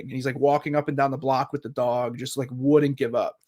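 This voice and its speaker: A man in his thirties telling a long story on a casual podcast. He talks in a loose, animated way, swears freely, and drops into quick voices for the people in the tale. His pitch sits at an average level for a man. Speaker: podcast co-host.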